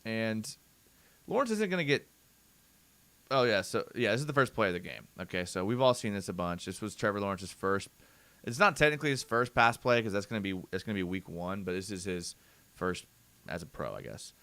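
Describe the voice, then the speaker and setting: A young man hosting a live fan show, breaking down game film and reading out viewer comments in a lively, ranting way. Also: fairly low pitch, brisk. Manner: animated, ranting, addresses viewers as bro.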